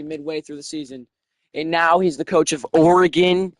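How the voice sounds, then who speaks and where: A young man giving casual, profane commentary while playing a video game, thinking out loud and getting excited. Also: on the high side, moderate pace, no echo, studio quality. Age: young adult.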